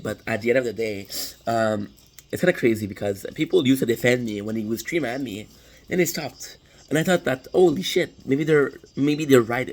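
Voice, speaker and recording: A man's voice: mid-range voice, rough recording. A young man talking to camera as he eats, telling a personal story in a rambling, profane way with many restarts. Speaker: vlogger. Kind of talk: casual storytelling while eating.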